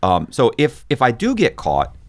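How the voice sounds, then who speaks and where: A man's voice: medium pitch, wildly swooping pitch, moderate pace. A man, a podcast guest, telling a story in casual conversation, acting out quoted voices, with frequent restarts.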